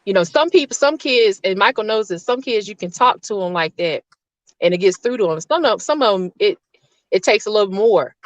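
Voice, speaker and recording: A woman hosting a casual chat, telling a long personal story in an animated way and laughing often. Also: mid-range voice, a little fast, dry recording. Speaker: host. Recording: dull dry lo-fi sound.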